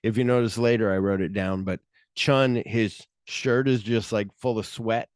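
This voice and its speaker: A man's voice: lowish voice, fairly even intonation, moderate pace, clean tone, no echo, studio quality. A man co-hosting a podcast, recapping a movie in casual profane chat and acting out the scenes in quoted voices. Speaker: podcast co-host.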